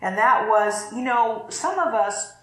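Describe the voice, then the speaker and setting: A woman's voice: on the high side, lively intonation, slow, fairly bright tone. A middle-aged woman pastor giving a chatty, conversational sermon and laughing easily. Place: church sanctuary. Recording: echoey church room.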